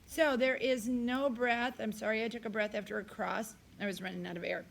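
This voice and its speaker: A woman's voice: on the high side, fairly even intonation, fairly quick, vocal fry. A woman choir teacher with a tired voice, giving directions to singers and singing short phrases to show how they go. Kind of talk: recorded choir rehearsal lesson.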